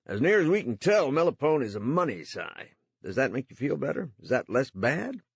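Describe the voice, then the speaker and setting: A man's voice: medium pitch, sing-song, normal speed, breathy edge, no echo, pitched above the performer's own voice. A man voicing a worried middle-aged businessman who speaks in anxious, rising bursts in an audiobook.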